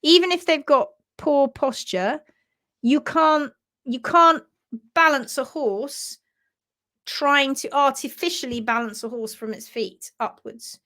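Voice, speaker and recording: Woman live streaming about horse hooves, bubbly, laughs a lot, bit high pitched. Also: takes it slowly. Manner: chatty, giggly, animated. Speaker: hoof care presenter. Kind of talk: casual live-stream chat.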